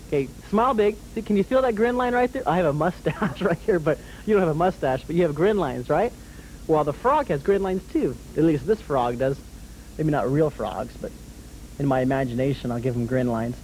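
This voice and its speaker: A man's voice: fairly high pitch, a little mellow, slight background noise, rough recording. Cheerful man teaching kids to draw. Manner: patient, encouraging, asks kids questions; chuckles often while drawing. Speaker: children's drawing teacher. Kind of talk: step-by-step drawing lesson for kids.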